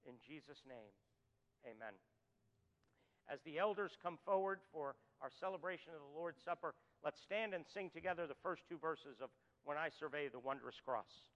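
A man preaching a sermon as pastor, earnest, slowing down and softening his voice on key lines. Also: a little high. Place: church sanctuary. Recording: dull, reverberant church audio.

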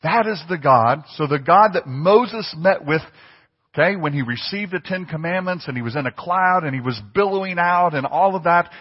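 Pastor, man, slightly high husky voice, chatty sermon style with questions to the pews, long-reverb church room. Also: lively intonation, normal speed. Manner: conversational preaching, asks the congregation questions. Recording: long reverb, dull lo-fi sound.

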